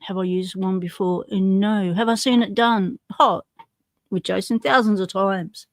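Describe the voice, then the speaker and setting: A woman's voice: mid-range voice, fairly even intonation, unhurried, no echo, clean studio sound. An Australian woman hosting a casual livestream, chatty and self-deprecating, greeting viewers one by one by name. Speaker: livestream host.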